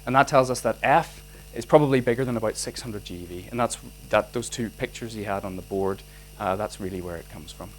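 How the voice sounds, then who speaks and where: A man with a Northern Irish accent giving a physics lecture and answering student questions, animated, restarting his sentences often with many fillers. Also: on the low side, fairly quick, a little hiss or hum, low-quality recording. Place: lecture hall.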